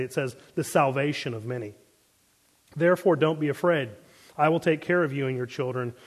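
A man with a mid-range voice teaches an informal Bible class, and the audio has a big-room sound. He talks in a chatty way, leaning on fillers and pop-culture asides while responding to questions from those present.

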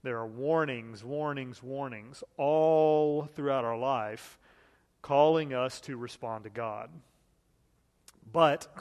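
A man's voice: medium pitch, big-room sound. A man teaching a Bible study in a conversational way, reading scripture aloud and asking the group questions.

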